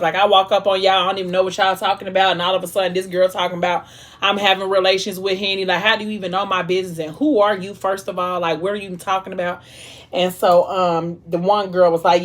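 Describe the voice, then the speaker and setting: An animated young woman with a voice on the low side retells a book as a mukbang vlogger, in a casual storytelling chat. Her dramatic retelling is full of quoted dialogue and slang.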